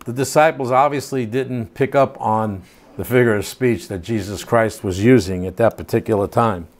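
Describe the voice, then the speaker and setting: A man's voice: on the low side, steady tone, normal speed. An older man teaching a home Bible study, reading scripture aloud and then explaining it in plain, casual asides.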